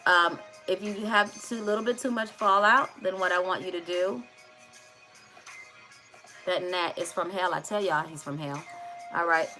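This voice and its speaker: A woman's voice: fairly low pitch, fairly even intonation, normal speed, long pauses, sharp tone, soft background music. A woman hosting a live makeup tutorial, chatting to her viewers directly with playful asides.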